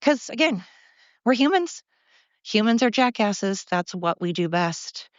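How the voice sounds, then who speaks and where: A woman's voice: medium pitch, expressive, a little slow, dry recording, muffled recording. A woman hosting a solo podcast, ranting bluntly with profanity and mocking herself, recorded on a phone. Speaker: podcast host.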